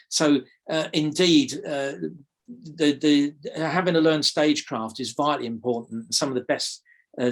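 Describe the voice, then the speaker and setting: A man from South London with a softened English accent, speaking as an interview guest and teaching magic, often hesitating with fillers and repeated words. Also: mid-range voice. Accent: English, softened toward RP. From South London, England. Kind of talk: conversational interview.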